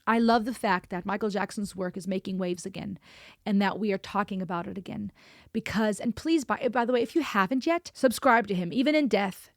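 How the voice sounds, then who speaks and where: A woman's voice: medium pitch, darkish tone, no echo, clean studio sound. A woman hosting a music reaction video, talking in an earnest, impassioned way and repeating lines for emphasis. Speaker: music reaction channel host.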